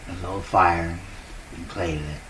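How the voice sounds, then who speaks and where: Giggly low-voiced man rambling. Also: steady tone, moderate pace, a bit bright, far from the mic, slight background noise, poor audio. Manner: giggly, upbeat, laughs often. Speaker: vlogger. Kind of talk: casual rambling monologue. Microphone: new cheap desk microphone.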